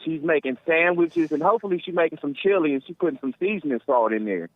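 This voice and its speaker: Male caller, slangy, rambling, teasing. Thin phone-line sound, slightly high voice. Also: animated, fast, dry recording. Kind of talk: casual call-in chat.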